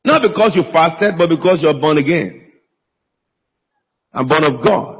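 With long pauses and a breathy edge, this pastor speaks a little slowly in a slightly high, animated voice. He preaches emphatically in a church, trading calls and responses with the congregation, captured in an echoey hall with dull lo-fi quality.

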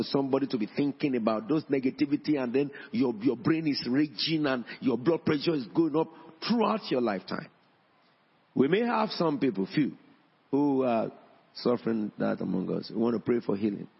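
A man preaching a sermon in a church, emphatic, with his pitch rising on key points. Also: gravelly, slightly rough. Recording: dull sound in a long-echo hall.

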